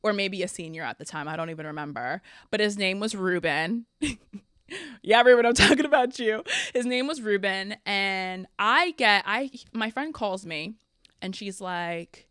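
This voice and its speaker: A young woman hosting a podcast, telling funny stories from her life in a chatty, animated way, often laughing. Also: medium pitch, moderate pace, clear, resonant tone, no echo, clean studio sound. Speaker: podcast host. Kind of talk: casual storytelling.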